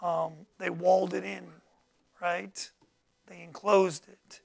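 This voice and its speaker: Slow, gravelly preacher. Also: mid-range voice, flat delivery, a little mellow. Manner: calls out to the congregation for responses; reads verses aloud and then explains them. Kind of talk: sermon, Bible teaching.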